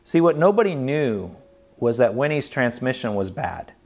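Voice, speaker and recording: A man's voice: medium pitch, very animated, normal speed, darkish tone. A man narrating his own story for a documentary in an earnest, conversational way, retelling events vividly. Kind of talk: personal storytelling.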